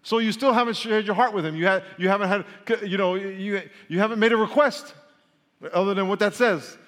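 Joking preacher in a reverberant hall. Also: male voice, sits high, a little fast, fairly bright tone. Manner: humorous, conversational preaching with jokes to the congregation. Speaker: pastor. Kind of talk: sermon.

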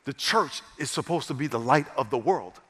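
A male pastor preaching a sermon, emphatic and repetitive, swinging between loud stress and hushed passages. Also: mid-range voice, expressive, moderate pace, slightly rough, big-room sound. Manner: repeats phrases for stress.

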